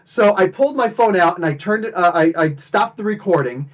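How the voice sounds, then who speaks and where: Host, male, higher register than most men, animated and emphatic in an offhand live-stream storytelling style. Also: fairly quick, lo-fi sound. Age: adult, married. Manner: animated, emphatic retelling of a confrontation. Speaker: podcast host.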